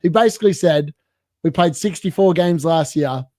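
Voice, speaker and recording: Mellow-voiced man, rambling casual talk. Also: fairly high pitch, normal speed, no room sound, clean studio sound. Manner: rambling, many fillers like "like" and "basically". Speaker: guest. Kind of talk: casual chat.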